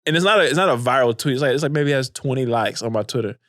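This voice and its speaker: A man's voice: mid-range voice, animated, very fast, fairly bright tone, no echo, clean studio sound. A man hosting a podcast in casual chat, teasing his co-host in a playful way.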